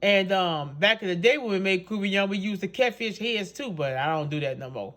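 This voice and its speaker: A middle-aged man from Louisiana with a Cajun accent, chatting casually as he hosts a home cooking video, folksy and quick to laugh. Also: sits high. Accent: Louisiana Cajun English. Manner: chatty and animated, laughs often, folksy dialect. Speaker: cooking show host.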